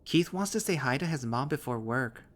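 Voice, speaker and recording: A man's voice: mid-range voice, lively intonation, moderate pace, voice pushed up, natural voice. A man voicing a dopey, childish young woman with a snooty flair, in a spoken visual novel reading. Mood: eerie, repetitive.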